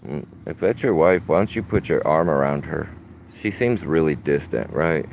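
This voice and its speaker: A man's voice: a bass voice, expressive, normal speed, gravelly, a little mellow, slight background noise. A man talking casually to his phone camera in a park, rambling and swearing with streetwise slang. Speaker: vlogger.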